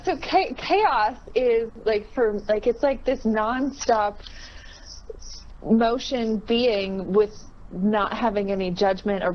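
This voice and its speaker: Reflective woman guest, dull lo-fi sound. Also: medium pitch. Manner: reflective, rambling, thinking aloud. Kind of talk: casual chat. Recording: dull lo-fi sound with faint noise.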